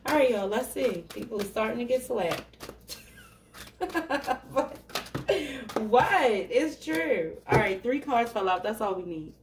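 Woman, tarot reader, chatty, laughs a lot, fairly high voice, roomy sound. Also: animated, takes it slowly, noisy background. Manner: chatty, laughs often, talks to viewers as y'all. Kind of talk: casual tarot reading livestream. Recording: echoey room, voice a bit far from the mic.

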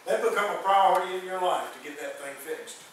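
A man's voice: sits high, a little fast, a little hiss or hum. A male pastor preaching a sermon in a folksy, fervent way that builds to hollering, his voice cracking from the preaching. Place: church sanctuary. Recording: echoey church hall, mic far off.

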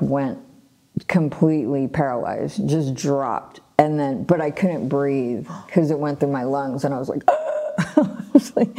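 A middle-aged woman from Los Angeles, a guest telling her life story in a casual, animated way, with frequent laughs, fillers and restarts. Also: low voice. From Los Angeles, USA. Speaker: guest sharing her testimony.

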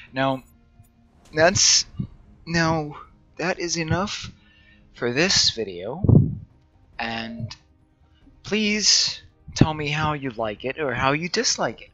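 Man, let's play commentary, rambling and self-deprecating, slow talker, bright tense voice, dull lo-fi mic. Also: medium pitch. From United States. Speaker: gaming channel host.

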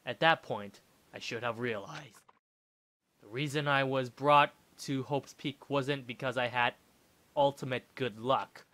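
A man's voice: medium pitch, a little slow, sharp tone. A man reading a game's dialogue aloud as a nervous teenage schoolboy, in an uneasy inner-monologue manner, over game music. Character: nervous teenage boy, new student.

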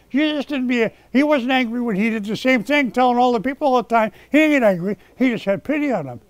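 A man preaching a sermon as pastor, swinging between loud scolding and hushed prayer. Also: very high voice, expressive, fast, hardly any pauses, no echo. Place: rescue mission chapel.

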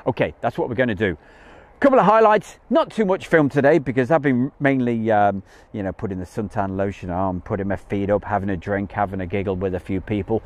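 A man's voice: on the low side, a little fast, darkish tone. A man hosting a live stream outdoors from a campsite field, chatting in a jokey way and greeting viewers by name. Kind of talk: casual live-stream chat.

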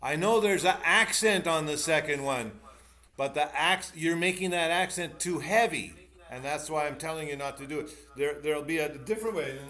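A man teaching piano in an online masterclass. He is animated and encouraging, demonstrating as he goes and giving quick corrections. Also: a little high. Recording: echoey room with piano playing.

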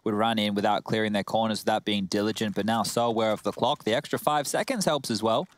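Low-voiced male esports analyst. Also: fast, no echo. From Australia. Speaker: esports color commentator. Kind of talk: color commentary.

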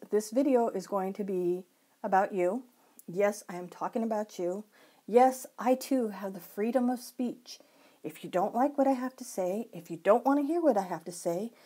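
A woman's voice: mid-range voice, normal speed, warm tone. A woman vlogger ranting emphatically and sarcastically to her viewers. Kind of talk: vlog rant.

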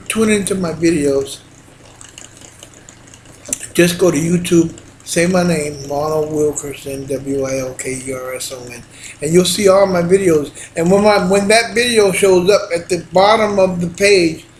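A man, a minister, preaching in a home video, excitable and folksy, breaking into shouts when he quotes scripture. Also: fairly high pitch, slight background noise. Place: alone at home. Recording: roomy echo.

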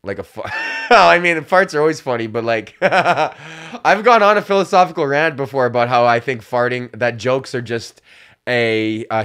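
A man's voice: mid-range voice, a bit bright. A young man from Canada hosting a comedy podcast, telling a rambling, profane story, laughing often and acting out the other people in it. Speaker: podcast host. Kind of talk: casual comedic rant.

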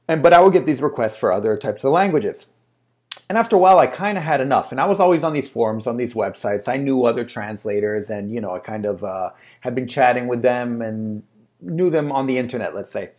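A man's voice: mid-range voice, a little mellow. A man who works as a translator, talking casually to camera and telling a story in a chatty way with plenty of fillers. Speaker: translator and agency owner.

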